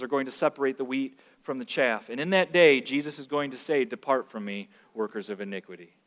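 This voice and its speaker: A man with a fairly high voice delivers a sermon in a large church, his words trailing off into a long hall reverb. He preaches with animation, now and then mimicking the whiny voice of a child who protests. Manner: animated, acts out quoted voices of complaining children. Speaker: pastor. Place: church sanctuary.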